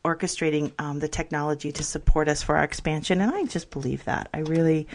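A woman's voice: low voice, fast talker, slight background noise. A woman hosting a radio talk show, upbeat and chatty, laughing often as she talks. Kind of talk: casual radio chat.

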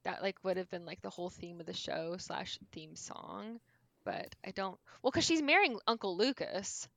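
A woman's voice: lowish voice, normal speed, gravelly, fairly bright tone, no echo. A woman co-hosting a podcast in casual chat, playful and joking, laughing a lot. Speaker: podcast co-host.

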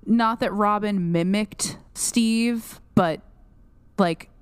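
Speaking extremely slowly and smoothly at a medium pitch, a New Jersey–accented podcast co-host laughs while quoting lines from the show in casual conversation. The sound is dry and studio quality.

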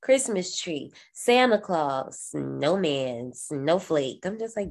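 A woman co-hosting a casual horror movie recap podcast, animated and profane, often jumping high to act out quoted lines, speaking. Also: takes it slowly, creaky. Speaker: podcast co-host.

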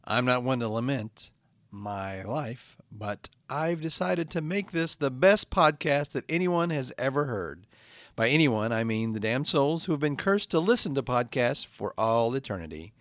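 Man, podcast host, deadpan, exasperated, middle pitch, dry close mic. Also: measured pace, dry recording. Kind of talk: comedic podcast chat and mock-motivational intro.

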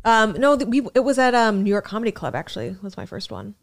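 A woman's voice: medium pitch, big pitch swings, fast talker. A woman comedian in her thirties chatting as a podcast guest, rambling, swearing freely and acting out quotes. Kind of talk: casual chat.

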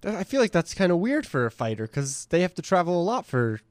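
Ein Mann als Co-Moderator, der im lockeren Gespräch schnell und plaudernd reagiert. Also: male voice, high-pitched, big pitch swings, fast talker, no room sound, clean studio sound. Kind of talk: casual chat.

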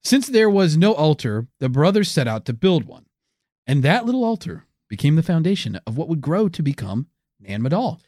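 A man co-hosting a comedy history podcast, wry and teasing as he tells the story. His voice sits a little high and moves around a lot. The recording is close and dry. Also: big pitch swings, moderate pace, darkish tone, dry recording. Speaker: podcast co-host.

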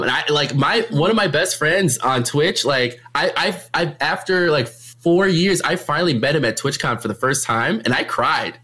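A man's voice: fairly high pitch, a bit bright, husky. A young man who streams and runs meetups, talking in a casual chat, laughing often and filling his speech with "like". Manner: chatty, laughs often, many filler likes.

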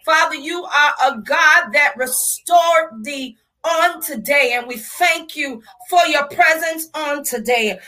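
A woman's voice: sits high, bright, forceful tone. A woman leading a fervent spoken prayer in a rhythmic, repeating cadence. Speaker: prayer leader.

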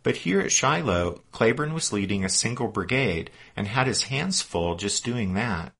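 A man reading scripted historical narration in a measured storytelling manner. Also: fairly low pitch, lively intonation, vocal fry, a bit bright, husky.

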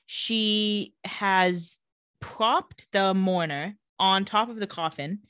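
A woman's voice: medium pitch, very slow, a bit bright, clear, resonant tone, dry recording. A woman co-hosting a podcast, recapping a TV episode in a wry, chatty way. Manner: chatty, wry, acts out quotes. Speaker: podcast co-host. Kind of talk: casual TV episode recap chat.

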